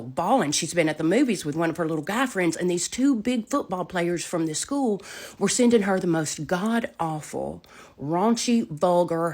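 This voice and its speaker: A middle-aged woman telling a story in a casual, animated, folksy way, acting out quoted lines with dramatic flair. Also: on the low side.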